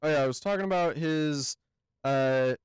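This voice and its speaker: Halting man with a smooth, dry voice. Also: a little high, no room sound. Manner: hesitant, halting, often searching for words. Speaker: gaming channel host. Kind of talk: casual game review talk.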